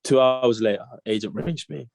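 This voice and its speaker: A young man telling a story as an interview guest, animated and full of slang, acting out the lines of the people in it. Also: medium pitch, normal speed, creaky, dry recording. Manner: animated slang-heavy storytelling, acts out quotes. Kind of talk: casual storytelling chat.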